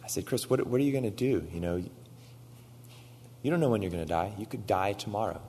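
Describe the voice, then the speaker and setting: Lower-voiced male preacher in a reverberant hall. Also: moderate pace, warm tone, slight background noise. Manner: storytelling, quoting dialogue, rising to emphatic exhortation. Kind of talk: sermon.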